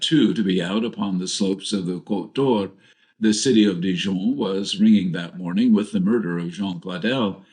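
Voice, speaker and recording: A man reading a novel aloud in a steady, measured narration. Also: deep voice. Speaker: audiobook narrator. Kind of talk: scripted narration.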